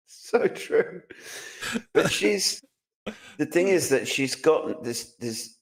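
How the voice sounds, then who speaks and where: A man's voice: fairly high pitch, lively intonation, very slow, long pauses. A man from Britain co-hosting a casual chat, mocking and opinionated, rambling with restarts. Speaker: co-host, tech commentator.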